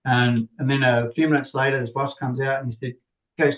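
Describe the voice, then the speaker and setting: A middle-aged man tells a rambling story as an interview guest, restarting and repeating words as he goes. His voice has a middling pitch and comes through a thin, phone-like connection that cuts the lows and highs. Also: little pitch movement, fairly quick, roomy sound. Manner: rambling, repeats words, acts out quoted people. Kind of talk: casual anecdotal storytelling. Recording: tinny phone-like line.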